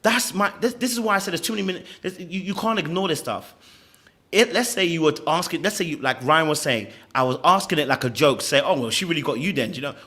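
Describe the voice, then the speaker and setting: A man's voice: a little high, fairly quick, pushed and bright. A man, hosting a podcast and giving emphatic, opinionated commentary full of stammering restarts. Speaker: podcast host reacting to clips.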